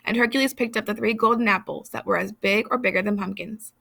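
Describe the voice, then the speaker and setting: A woman reading literary passages aloud in a measured, expressive way. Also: medium pitch, gravelly. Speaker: reader.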